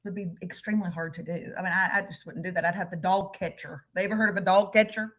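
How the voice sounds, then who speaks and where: A woman hosting a podcast in casual chat, animated and joking. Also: fairly low pitch, fast talker. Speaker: podcast host. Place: live podcast recording.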